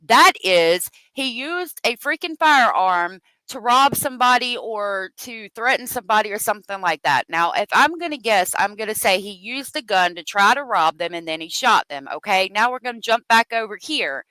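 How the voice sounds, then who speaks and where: A woman's voice: medium pitch, lively intonation, normal speed, hardly any pauses, bright, forceful tone, dry recording, rough recording. A woman hosting a true crime commentary show, talking off the cuff in a profane, exasperated rant.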